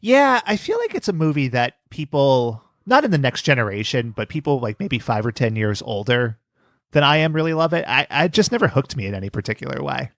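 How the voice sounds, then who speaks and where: A man's voice: mid-range voice, lively intonation, fairly quick, dry recording, studio quality. A man co-hosting a podcast, chatting casually with wry jokes and puns. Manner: wry, jokey, fond of puns. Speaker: podcast co-host. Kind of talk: casual chat.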